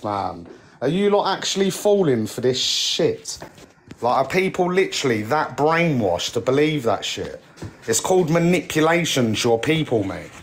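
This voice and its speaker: Heated man ranting, higher voice. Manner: heated, swearing, repeats "mate" and "like". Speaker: live streamer. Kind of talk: angry rant on a live stream.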